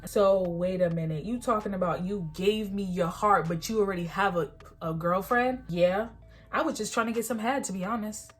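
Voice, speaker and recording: A 21-year-old woman vlogger telling a candid story in casual talk, animated, laughing often and using slang. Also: mid-range voice, normal speed, husky, soft background music. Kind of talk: casual storytime while getting ready.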